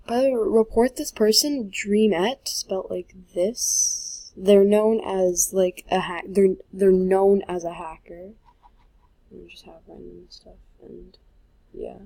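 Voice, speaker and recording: A woman's voice: mid-range voice, fairly even intonation, slow pace, dark tone, dry recording, rough recording. A woman rambling through casual gameplay commentary into a handheld mic as she types and plays, often trailing off and joking at her own expense. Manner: rambling and self-mocking, trailing off; talking while typing and playing. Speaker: gaming vlogger. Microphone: handheld microphone.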